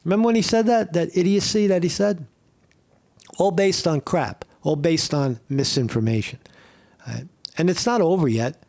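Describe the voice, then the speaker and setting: A man's voice: on the high side, moderate pace, a little mellow. Heated, profane ranting man. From Northeast Pennsylvania. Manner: heated, profane, repetitive with many fillers. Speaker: streamer host. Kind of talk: casual ranting livestream.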